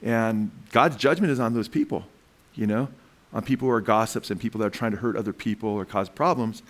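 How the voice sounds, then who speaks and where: A man's voice: mid-range voice, fast talker. A male pastor preaching a sermon in a conversational way, often asking "amen?" and acting out the voices of tempted people.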